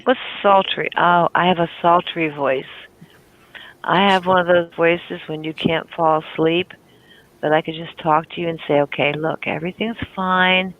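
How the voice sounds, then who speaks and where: A middle-aged woman with a raspy, warm voice, hosting a casual group voice chat and laughing often. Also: lowish voice, steady tone, moderate pace. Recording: tinny phone-like line.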